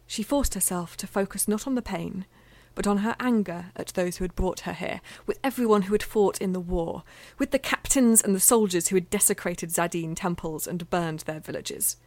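A woman reading a novel aloud in a measured, intimate way, sometimes dropping to a near-whisper. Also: fairly low pitch, a little mellow, dry recording. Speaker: audiobook narrator. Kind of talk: scripted fiction narration.

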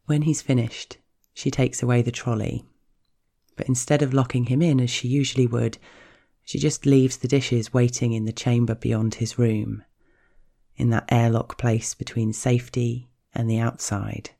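A man narrating a scripted story in a slow, hushed, measured way. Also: mid-range voice, little pitch movement, gravelly.

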